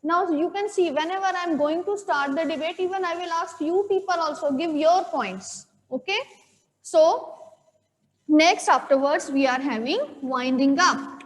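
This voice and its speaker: A woman's voice: very high voice, unhurried, in a large hall. A woman teacher with an Indian English accent giving a classroom lecture, explaining step by step, repeating key points and checking with "okay?".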